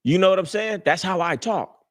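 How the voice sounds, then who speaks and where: A man's voice: high voice, brisk. A young man hosting a live stream, giving casual dating advice in a brash, boastful, profane street-talk manner. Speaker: livestream host.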